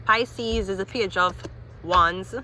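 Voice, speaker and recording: A woman giving a rambling, animated tarot reading, thinking aloud as she turns cards. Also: mid-range voice, takes it slowly, slight background noise. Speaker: tarot reader.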